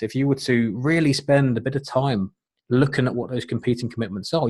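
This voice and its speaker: A man's voice: medium pitch, slightly rough. A middle-aged man, a life coach, giving an earnest, encouraging webinar talk with frequent fillers. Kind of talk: webinar presentation.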